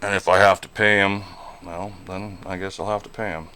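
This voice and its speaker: A man's voice: sits low, level tone, moderate pace, pushed and bright, a little hiss or hum. A man streaming a trucking game and chatting casually, rambling along with lots of fillers and "you know". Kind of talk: casual live-stream chat while gaming.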